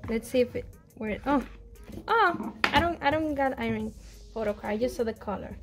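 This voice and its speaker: A woman chatting casually as she unboxes albums, excitable and pleading, laughing often, with faint music behind. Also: a little high, normal speed, background noise. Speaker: vlogger.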